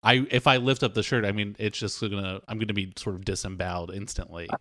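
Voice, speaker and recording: A man's voice: lowish voice, fairly even intonation, quick pace, a bit bright. A man who produces a podcast, bantering in a wry, joking way.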